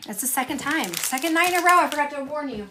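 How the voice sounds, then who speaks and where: Over some background noise, a young woman speaks fast in a high voice with lively intonation. Though tired, she hosts a chatty, rambling livestream selling stickers and stationery, laughing a lot and greeting viewers by name.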